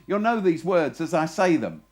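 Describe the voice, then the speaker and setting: Animated preacher man telling a story. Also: on the high side, moderate pace. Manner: lively storyteller, acts out shouted voices. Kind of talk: sermon with storytelling. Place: festival stage.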